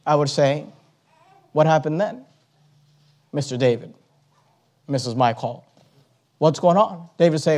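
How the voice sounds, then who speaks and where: A man's voice: a little high, unhurried, pauses often, a little mellow. A man preaching a sermon, acting out imagined conversations with sudden rises and drops in his voice. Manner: acts out imagined dialogue, rises and falls sharply.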